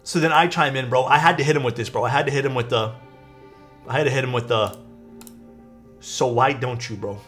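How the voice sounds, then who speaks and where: A young man streaming, telling his viewers a story in a loose, casual way. He slips into the voices of the people he quotes. Faint music plays softly behind him. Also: mid-range voice, fairly quick, long pauses. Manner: animated, acts out quoted people.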